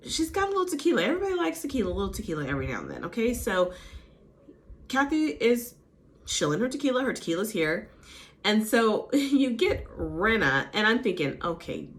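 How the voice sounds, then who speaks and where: A chatty woman talks through a reality show episode in a casual recap. Her pitch swings up and down a lot as she gets animated. Now and then she mimics the people she is talking about. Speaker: recap host.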